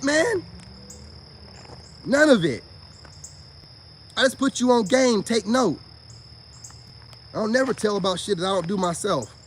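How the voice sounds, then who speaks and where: Loud, profane man ranting. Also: slight background noise. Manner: loud, swearing, mocking, swings between high outbursts and low mutters. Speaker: online commentator. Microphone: self-recorded video.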